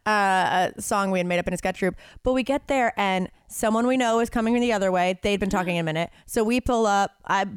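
A woman co-hosting a podcast, chatting casually and telling stories in a lively way. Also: mid-range voice, a little fast, few pauses, clean tone, dry recording, studio quality. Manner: lively storytelling with playful put-on voices. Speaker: podcast co-host. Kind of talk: casual chat.

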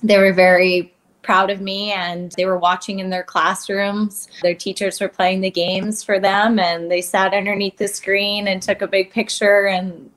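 A woman's voice: medium pitch, level tone, a little slow, a bit bright. Woman in her thirties, interview guest, open and emotional, laughs easily, mid-range voice. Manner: candid, emotional, laughs often. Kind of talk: casual interview chat.

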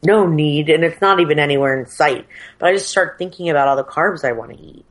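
A woman's voice: sits low, fast. A woman co-hosting a podcast, talking in a chatty, rambling and frank way over a video call. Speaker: podcast co-host. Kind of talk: casual chat. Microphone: headset on a video call.

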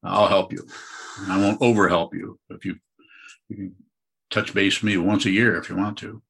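A man teaching meditation and answering questions in a gentle, rambling dharma talk. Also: deep voice, flat delivery, normal speed, creaky, breathy edge.

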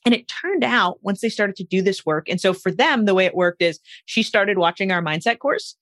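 A woman's voice: medium pitch, moderate pace, dry recording, studio quality. A woman guest on a podcast interview, explaining her views with energy and telling stories with acted-out quotes. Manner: energetic storyteller, acts out quoted voices. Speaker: guest, money coach.

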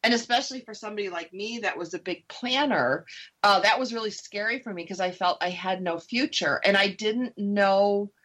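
A woman's voice: medium pitch, moderate pace, fairly bright tone. Candid, chatty middle-aged woman. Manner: candid, chatty, acts out her old thoughts. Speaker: co-host sharing her divorce recovery. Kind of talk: casual radio talk.

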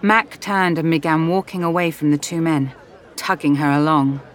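A woman narrating an audiobook in a steady, expressive reading voice. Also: low voice, moderate pace, a faint crowd.

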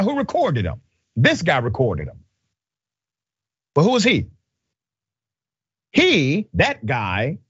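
Male commentary host: sarcastic, emphatic, animated delivery, dry dull audio. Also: fairly high pitch, no room sound. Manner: sarcastic, emphatic, repeats points with "okay?". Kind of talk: opinionated news commentary.

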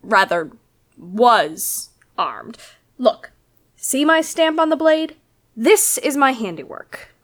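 A woman's voice: a little high, sing-song, slow, fairly bright tone, exaggerated voice. A woman voicing a proud blacksmith turned bandit who lectures indignantly.

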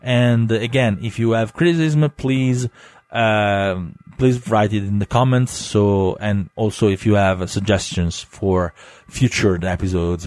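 A man's voice: lowish voice, darkish tone, no echo. A man with an Italian accent hosting a solo podcast in a casual, earnest way, with plenty of fillers and self-corrections. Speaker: podcast host.

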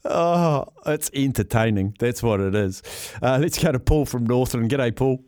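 Chatty New radio host. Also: male voice, mid-range voice, animated, unhurried, a little mellow, no echo, studio quality. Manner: chatty, amused. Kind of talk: casual talkback radio chat.

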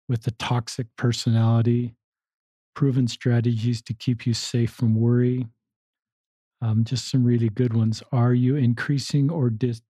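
Guy hosting an interview, upbeat, mellow voice, dry close sound. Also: mid-range voice, no echo. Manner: enthusiastic, complimentary, filler-heavy. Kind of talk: casual interview chat.

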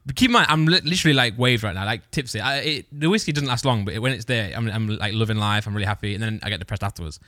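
Rapid-fire man, bright rambling voice. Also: lowish voice, no room sound. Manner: rambling, self-correcting, laughs through his own story. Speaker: podcast co-host telling a story. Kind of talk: casual storytelling chat.

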